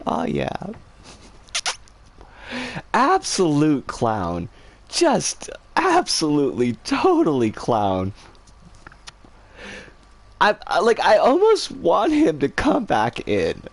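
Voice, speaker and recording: A woman streamer casually telling a story, animated and swearing freely. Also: sits low, slow.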